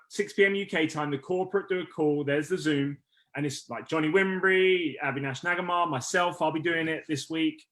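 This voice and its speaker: A man hosting a casual business team call, energetic and rallying, who says he is losing his voice. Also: fairly high pitch. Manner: energetic, rallying, restarts often.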